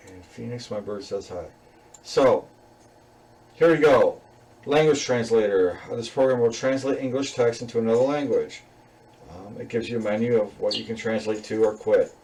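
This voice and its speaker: A man talks through his coding assignment in a loose, easygoing way, full of "um"s, "you know"s and little laughs. His voice sits at an ordinary middle pitch and sounds a bit distant from the microphone. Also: normal speed. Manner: relaxed, rambling, many fillers and chuckles. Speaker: student presenting a class assignment. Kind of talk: casual screen-recorded code walkthrough.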